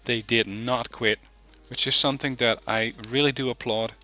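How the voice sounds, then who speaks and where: A man hosting a gaming channel, giving relaxed, chatty commentary on a game replay with frequent ums. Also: mid-range voice, normal speed.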